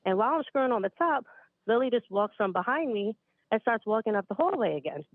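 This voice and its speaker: A woman's voice: fairly high pitch, big pitch swings, fast, no echo. Woman in her late twenties, from upstate New York, chatty storyteller, slightly out of breath, dry tinny phone line. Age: late 20s. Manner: chatty, addresses listeners as you guys. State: a bit out of breath. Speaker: caller. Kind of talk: casual spooky storytelling.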